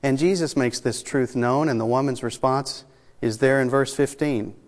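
A man delivers a sermon in an even, mid-range voice, measured and deliberate. He pauses often, fills gaps with a soft "uh", and slows right down to press home key words. His voice rings out with a long reverb, as in a church sanctuary. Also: medium pitch. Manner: measured preaching with pauses and fillers, slowing for emphasis. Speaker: pastor.

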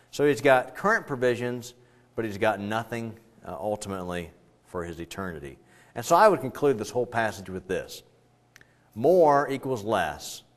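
A man preaching a sermon in a church, talking with the congregation, asking them questions and swinging between loud and quiet delivery. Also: on the low side. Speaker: pastor.

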